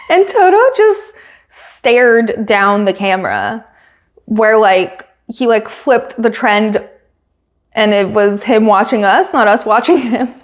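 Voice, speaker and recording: A woman hosting a podcast in a casual chat, talking in a chatty way with quick asides and frequent laughter. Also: a little high, very animated. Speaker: podcast host.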